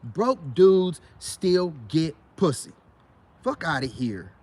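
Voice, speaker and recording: A man's voice: on the high side, sing-song, takes it slowly. A middle-aged man ranting in a profane, boastful monologue full of street slang. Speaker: online commentator.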